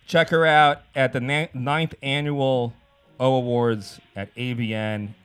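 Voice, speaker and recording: A man's voice: medium pitch, steady tone, slow, a bit bright, clean tone, faint music behind. A man with a mid-range voice co-hosts a podcast in casual chat. He jokes and keeps the questions coming. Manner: joking, interviewer. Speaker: podcast co-host.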